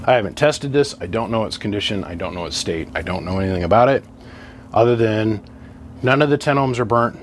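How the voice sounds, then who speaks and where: A man's voice: fairly low pitch, expressive, fairly quick, a little hiss or hum. A man chatting to camera in his home workshop, telling a long rambling story in a casual, salty way. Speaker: radio repair vlogger.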